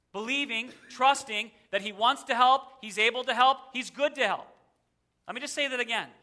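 A man's voice: high voice, sharp tone. A male pastor preaching a sermon in a church, emphatic and repeating a verse with shifting emphasis. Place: church sanctuary.

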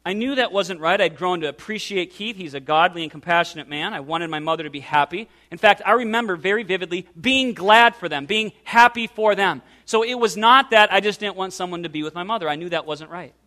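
A man preaching an earnest pastoral sermon, slowing down to stress key words and speaking directly to his listeners. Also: high voice, pushed and bright. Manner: earnest, pastoral, slows for emphasis.

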